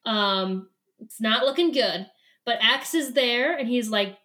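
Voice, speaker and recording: A woman with a fairly high voice, chatting casually as she recaps a book chapter. She retells scenes playfully and slips into quick put-on lines for the characters. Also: expressive, pushed and bright. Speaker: podcast co-host.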